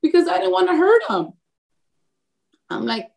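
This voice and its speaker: A woman's voice: extremely high pitch, sing-song, normal speed, vocal fry, a little mellow. A woman giving a personal faith testimony as a guest, storytelling animatedly, acting out quoted dialogue and laughing often. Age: adult, married with a grown son. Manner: laughs often while talking. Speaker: interview guest.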